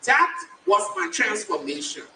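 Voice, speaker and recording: A woman in her fifties delivers a keynote testimony in a high, bright voice with wide, lively swings in pitch. She talks slowly and with weight, leaning on pauses for effect. The stage microphone picks her up from a distance in a large, echoing conference hall. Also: slight background noise. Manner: slow, emphatic storytelling with dramatic pauses. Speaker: keynote speaker. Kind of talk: personal testimony speech. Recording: echoey hall from far off.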